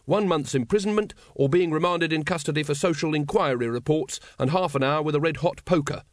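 A man's voice: on the high side, brisk, pitched above the performer's own voice, lightly acted. A man doing an earnest young constable. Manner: earnest, dutiful, reciting rules. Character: huge earnest young male constable, polite and literal.

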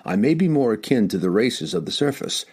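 A man voicing a calm, earnest male dark elf ranger in an audiobook, measured and soft-spoken. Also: mid-range voice, breathy edge.

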